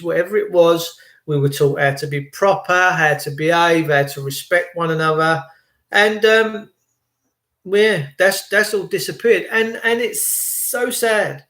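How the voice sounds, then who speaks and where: A man's voice: high voice, a little slow, a bit bright, echoey room. A middle-aged man with a South London accent, ranting earnestly and preachily in a casual monologue to his viewers, often repeating himself. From England. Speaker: online talk host.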